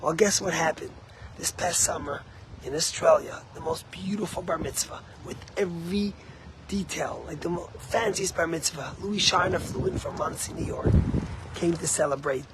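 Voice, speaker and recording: Impassioned high-voiced rabbi preaching. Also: male voice, heavy background noise. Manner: impassioned, rising to emphatic peaks. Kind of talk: sermon with storytelling.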